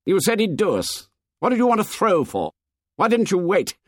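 A man's voice: medium pitch, expressive, moderate pace, no echo, clean studio sound, pitched above the performer's own voice, natural voice. A man reading aloud, voicing a bossy, hot-tempered schoolboy who barks orders at the others. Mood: defiant. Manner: commanding, shouted orders.

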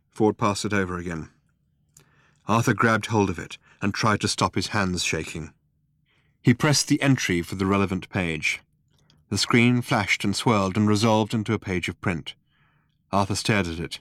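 A man's voice: on the low side, moderate pace, a bit bright, dry recording. A man narrating an audiobook in a dry, wry storytelling manner. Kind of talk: scripted narration.

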